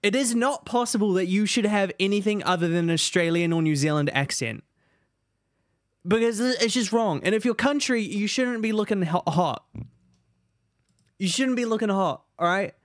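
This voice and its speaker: A man streaming a game, rambling in animated casual commentary and talking to his chat. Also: high voice, moderate pace, no echo, studio quality.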